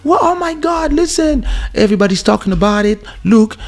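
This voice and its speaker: A man putting on the voice of an excited, panicking male publicist who shouts his alarm. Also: extremely high pitch, brisk, voice pushed up. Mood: panicked.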